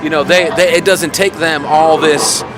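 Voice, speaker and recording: A man's voice: on the high side, steady tone, normal speed, music in the background. A man, a youth pastor, talking casually in an interview, rambling with many fillers and restarts. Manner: rambling, full of "you know" fillers and restarts.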